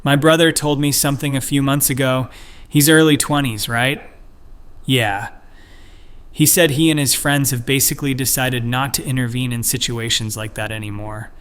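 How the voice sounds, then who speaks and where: A man's voice: medium pitch, steady tone, normal speed, a bit bright, clean tone, lightly acted. A man reading the lines of a young woman friend who explains something hesitantly but frankly. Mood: explaining.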